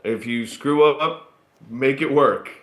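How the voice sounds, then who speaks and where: A man born in Australia and raised in Texas, telling stories as a guest in a casual interview, relaxed and rambling with fillers. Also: mid-range voice, takes it slowly. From born in Australia, grew up in Texas. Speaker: guest actor. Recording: roomy echo.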